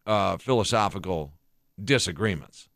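A relaxed man hosting a podcast who rambles and restarts his sentences. His pitch moves around freely as he talks. The recording is dry and close. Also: moderate pace, no echo. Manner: laid-back, rambling with restarts. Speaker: podcast host. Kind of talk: casual chat.

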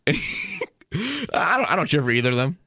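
A man's voice: a little high, animated, normal speed, creaky, bright, forceful tone, dry recording, studio quality. A man on a podcast casually telling a long anecdote, full of fillers and asides. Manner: rambling anecdote with many fillers. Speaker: podcast guest, producer. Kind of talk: casual chat, storytelling.

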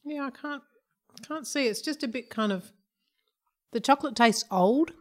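A woman's voice: high-pitched, moderate pace. A middle-aged woman co-hosting a podcast, chatting and giggling about snacks. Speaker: podcast co-host. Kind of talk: casual chat.

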